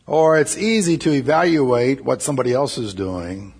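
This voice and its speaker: A man's voice: medium pitch, big pitch swings, moderate pace, gravelly, few pauses, darkish tone, slightly rough. A man preaching a sermon, emphatic and repeating his key phrases. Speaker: pastor.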